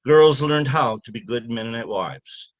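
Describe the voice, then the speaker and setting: Halting older man from Canada, dull recording. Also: medium pitch, animated. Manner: halting, many fillers and restarts when speaking freely. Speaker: author at a reading. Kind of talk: talk then reading from his novel.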